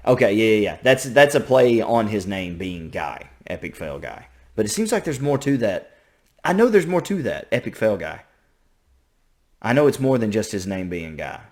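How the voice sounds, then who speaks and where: A man with a Southern American accent, hosting a reaction video and thinking out loud, often repeating himself. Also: lowish voice. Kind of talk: casual reaction commentary.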